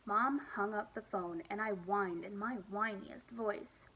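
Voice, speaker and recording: A woman reading a children's picture book aloud at storytime, with expressive, lively emphasis. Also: mid-range voice, slow, slight background noise, rough recording. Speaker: storytime reader.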